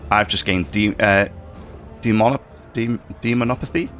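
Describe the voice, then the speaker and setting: A man's voice: on the low side, brisk, gravelly, a bit bright, faint music behind. A man giving casual gameplay commentary, thinking aloud with fillers and stumbles. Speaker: let's play gamer.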